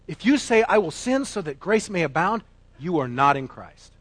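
Emphatic high-voiced male preacher. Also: big pitch swings, moderate pace, no room sound. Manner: emphatic, swinging from loud declarations to quiet asides. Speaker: pastor. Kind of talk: sermon.

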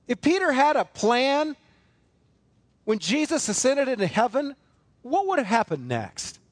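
A man's voice: extremely high pitch, very animated, unhurried, no echo. A man preaching a sermon as pastor, emphatic and repetitive, with many rhetorical questions.

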